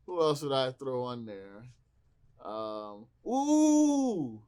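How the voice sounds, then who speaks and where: A man's voice: medium pitch, big pitch swings, extremely slow, dark tone, smooth, recorded from a distance. A man co-hosting a casual podcast chat, talking in a playful, teasing way and drawing out his points. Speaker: podcast co-host.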